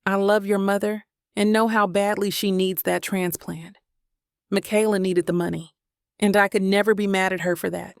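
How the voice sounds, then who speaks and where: A woman reading the lines of a kind young man who speaks calmly and with compassion. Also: mid-range voice, moderate pace, gravelly, clean tone, no room sound, studio quality, close to an everyday voice. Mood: gentle. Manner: calm, gentle, compassionate.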